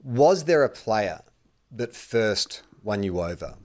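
A man hosting a podcast, asking long, winding questions in a relaxed way. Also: fairly low pitch, slow. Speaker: podcast host. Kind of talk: casual podcast interview.

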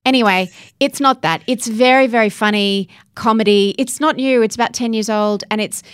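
A woman's voice: a little high, normal speed, clear, resonant tone, no echo. A woman co-hosting a chat, breezily telling stories and giving recommendations. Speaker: podcast co-host. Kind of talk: casual panel chat.

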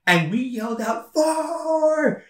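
Man, podcast co-host, animated storyteller, roomy sound, off-mic. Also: fairly high pitch, normal speed. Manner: animated storyteller, acts out quotes. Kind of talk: casual chat, storytelling. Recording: echoey room, distant mic.

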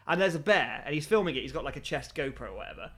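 A man chatting on a podcast in a high, very lively voice. He retells events dramatically and swears freely. His pitch jumps around constantly as he gets carried away. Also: very fast, husky. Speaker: podcast co-host. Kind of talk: casual chat.

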